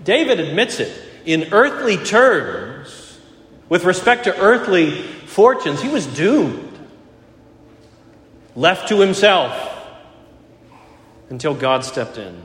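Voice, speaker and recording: A male pastor delivers an earnest sermon and hammers home his key phrases through repetition. His voice sits a little high for a man. The sound carries a long, roomy reverb, as if captured in a large church hall. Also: sing-song, slow, long pauses, fairly bright tone. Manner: earnest preaching, repeating key phrases for emphasis. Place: church sanctuary.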